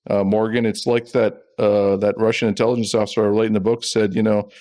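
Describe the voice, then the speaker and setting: A middle-aged man with a lowish voice gives a podcast interview. He talks emphatically and repeats words when he gets fired up. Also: level tone, fast, warm tone. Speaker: ex-CIA officer, guest expert.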